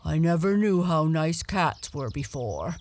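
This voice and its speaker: A woman's voice: low-pitched, sing-song, measured pace, a little mellow, full character voice. A woman voicing Don, a kind talkative dog. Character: friendly kind male dog, talkative and warm-hearted.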